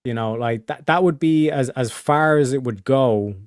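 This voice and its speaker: Man, casual rambling chat, lots of fillers, smooth clear voice, dry close sound. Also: medium pitch, moderate pace, no echo. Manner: rambling, many fillers and restarts; swears casually. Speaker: streamer host.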